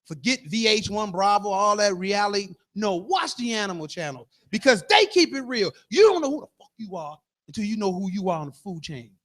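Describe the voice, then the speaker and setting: A man in his fifties performing live stand-up comedy in a bar, loud and animated, acting out characters as he goes. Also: sits high, fairly quick, hardly any pauses. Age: 50s. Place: bar stage.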